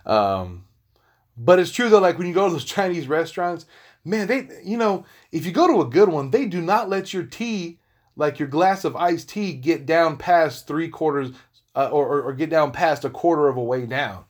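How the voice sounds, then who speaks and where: A man's voice: a little high, animated, normal speed. A man talking casually to his viewers in a rambling, profane, laid-back monologue. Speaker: vlogger.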